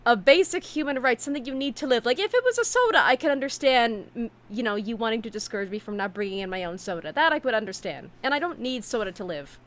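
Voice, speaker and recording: A woman streamer in casual chat, telling stories in an animated way with many fillers and restarts, talking from her home setup. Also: fairly high pitch, quick pace, hardly any pauses.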